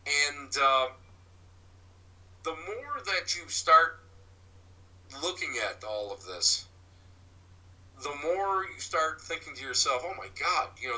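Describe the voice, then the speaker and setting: A man who works as a psychic medium and teaches mediumship, telling rambling stories in a halting way, often restarting his words. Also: medium pitch, bright, forceful tone, far from the mic, low-quality recording. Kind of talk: rambling anecdotal storytelling.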